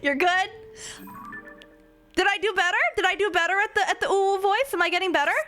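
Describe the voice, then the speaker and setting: A woman's voice: very high voice, a little fast, pushed and bright, soft background music. A woman streaming casually, playful and giggly, trying out silly voices between chatting with viewers.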